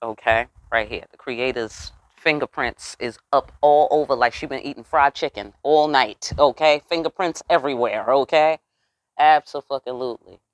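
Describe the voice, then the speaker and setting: A tarot reader with a medium-pitched voice speaks at a moderate pace in a dry recording. The casual spiritual reading is blunt, profane, emphatic and streetwise, full of cursing and rhetorical questions aimed at listeners.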